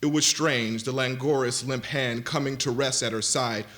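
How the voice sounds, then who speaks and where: Man giving an expressive literary reading. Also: mid-range voice. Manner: dramatic, varied delivery that slows for vivid images. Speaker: panelist reading aloud. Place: university lecture event.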